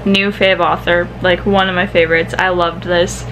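A woman's voice: fairly low pitch, flat delivery, normal speed, fairly bright tone, faint music behind, low-quality recording. A young woman vlogger from the American Midwest, talking casually and emotionally about a book she loved, teary-voiced, with frequent sighs and trailing-off restarts. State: teary, crying.

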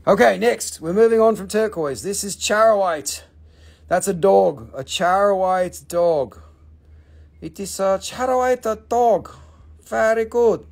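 A man selling on a live stream, rambling and joking with plenty of swearing. His voice sits a little high and carries a gravelly fry. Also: expressive, takes it slowly, a little mellow. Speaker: seller on a live shop stream. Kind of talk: casual live sales chat.

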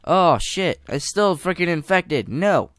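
Panicky man gaming, lively swooping voice. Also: high voice, takes it slowly, dry recording, studio quality. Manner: panicky, pleading and swearing, laughs at himself. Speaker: gamer. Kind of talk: gameplay commentary.

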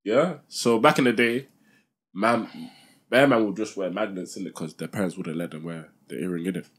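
A man's voice: on the low side, normal speed. A young man, telling a story in a laid-back way as a podcast co-host and tagging "innit" onto his sentences. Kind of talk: casual chat, storytelling.

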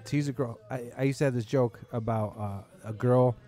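A man's voice: mid-range voice, fairly even intonation, moderate pace, warm tone, soft background music. A man hosting a podcast in a bar, a comedian telling a long, rambling, profane story in casual chat.

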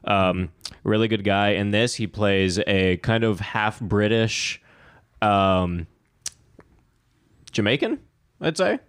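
A man's voice: fairly low pitch, animated, slow, long pauses, clear, resonant tone, no room sound, studio quality. A man hosting a casual movie review podcast, goofy and jokey, laughing a lot. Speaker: podcast host.

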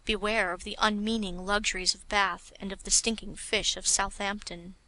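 A woman's voice: medium pitch, steady tone, moderate pace, sharp tone, no echo, lightly acted, poor audio. A woman narrator voicing a worldly young woman who earnestly warns a friend in a storybook reading. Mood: warning. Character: worldly young woman giving grave warnings.

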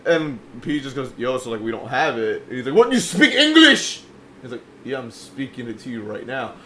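A man's voice: mid-range voice, fairly even intonation, a little fast, a crowd in the background. A young man co-hosting a podcast, telling a profane story in casual chat and acting out the people in it. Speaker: podcast co-host.

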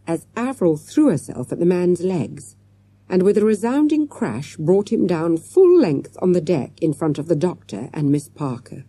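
A woman reading a children's storybook aloud in a lively, expressive way. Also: on the low side, normal speed, husky, dry recording. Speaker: audiobook narrator.

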